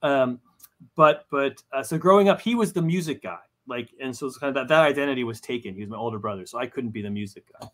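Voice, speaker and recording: A man's voice: mid-range voice, fast, a bit bright. A man chatting as a writer guest in an interview, with lots of stammered restarts and a self-deprecating way of talking. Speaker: comic book writer as guest. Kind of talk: casual interview chat.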